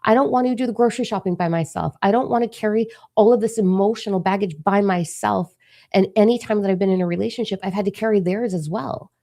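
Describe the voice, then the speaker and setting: A woman's voice: mid-range voice, fast talker, warm tone. A middle-aged woman speaking in a raw, emphatic confessional monologue, swearing freely as she opens up. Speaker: spiritual vlogger. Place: living room.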